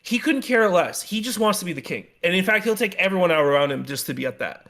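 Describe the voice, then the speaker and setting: A man co-hosting a podcast in casual chat, ranting with heat and swearing, his loudness and speed swinging as he talks. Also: high-pitched, expressive, fast talker. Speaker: podcast co-host. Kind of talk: casual comic review chat.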